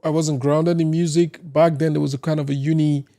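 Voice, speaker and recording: A man from Nigeria, a singer on a podcast, telling casual stories in a lively way and acting out other people's lines. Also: on the high side, a little fast. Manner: lively anecdote teller who acts out other people's lines. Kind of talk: casual storytelling chat.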